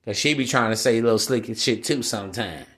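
A man's voice: medium pitch, fairly quick, fairly bright tone. A man hosting a solo podcast, giving a profane, preachy rant in street slang aimed at his listeners. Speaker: podcast host.

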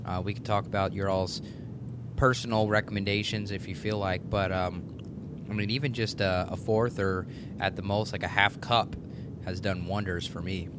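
A lower-voiced man hosts the podcast, throwing out his questions with eager energy. A clear rumbling noise runs under the recording. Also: steady tone, moderate pace. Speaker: host. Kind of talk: casual chat.

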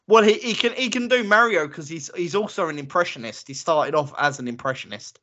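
A man's voice: on the high side, expressive, fairly quick, sharp tone. A man co-hosting a casual chat, opinionated and ranting, laughing often. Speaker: podcast co-host. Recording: lo-fi muffled audio.

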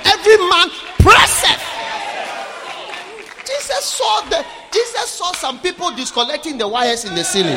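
High, animated preacher shouting in a hall. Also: male voice, normal speed, crowd noise, noisy background. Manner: shouting, sing-song mimicry, emphatic repetition. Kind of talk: sermon.

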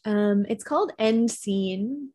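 A young adult woman, a poet guest, speaking earnestly and reflectively and reading her poem in a soft voice. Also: medium pitch, takes it slowly. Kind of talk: conversational interview and poetry reading.

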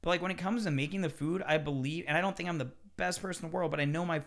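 Animated, foul-mouthed chef in casual chat. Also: male voice, on the high side, racing. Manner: animated, swears freely, acts out kitchen quotes.

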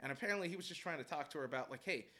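A man telling a heated story about coaching basketball, animated and profane, laughing as he goes. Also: on the high side, rapid-fire. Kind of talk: casual storytelling chat.

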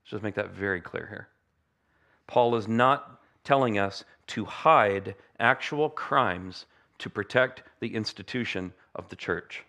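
American pastor preaching and praying. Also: male voice, lowish voice, a little slow, pushed and bright. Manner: earnest, conversational preaching with humorous asides. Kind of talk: sermon with opening prayer.

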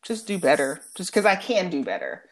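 A woman's voice: fairly low pitch, very animated, a little fast. A young adult woman in a casual chat with a friend, earnest and reflective, stretching words for emphasis.

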